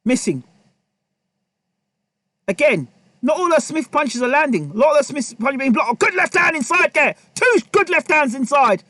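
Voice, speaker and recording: High-voiced excitable boxing commentator. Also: male voice, normal speed, pauses often, dry recording. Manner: excitable, repetitive, talks to the fighters. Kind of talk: live play-by-play commentary.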